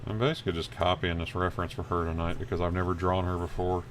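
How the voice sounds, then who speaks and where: A man's voice: deep voice, little pitch movement, fast. Man, casual livestream chat, rambling storyteller, swears a lot, faint background hiss. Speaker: livestream host drawing. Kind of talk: casual chat while drawing.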